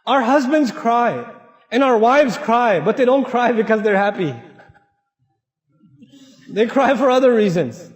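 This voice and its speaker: A man giving an animated sermon-style talk to a congregation, acting out family quarrels in quick voices. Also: very high voice. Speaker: Islamic speaker. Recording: roomy hall reverb.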